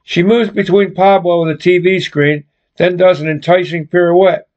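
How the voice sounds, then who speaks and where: A man reading a chapter of his own novel aloud in plain, measured narration, on a dull lo-fi recording. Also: sits high, steady tone, a little mellow.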